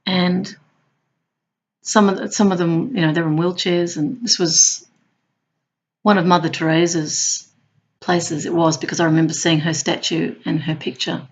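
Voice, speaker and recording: A woman who works as a hospital clown tells her stories playfully, now and then jumping into high squeals. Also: fairly even intonation, unhurried. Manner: warm, playful, bursts into high squeals when acting out clowning. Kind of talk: personal storytelling.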